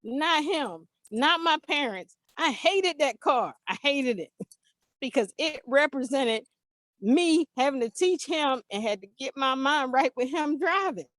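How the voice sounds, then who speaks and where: A fairly high-voiced woman recounting a family story with emphatic, animated delivery. She leans into every point and slips into other voices for the dialogue. The sound is dry and close. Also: unhurried, no echo. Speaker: interview guest, parent. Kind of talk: storytelling in an interview.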